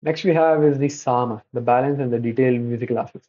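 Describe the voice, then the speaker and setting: A man gives a slide-based religious lecture at a middle pitch. His voice is a little husky, and he often breaks off to correct himself. The recording sounds dull and lo-fi. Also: steady tone. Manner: halting, many restarts and self-corrections.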